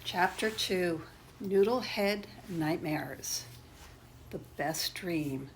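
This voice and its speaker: An older woman, a grandmother, reading a children's storybook aloud slowly and expressively. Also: fairly low pitch, slight background noise.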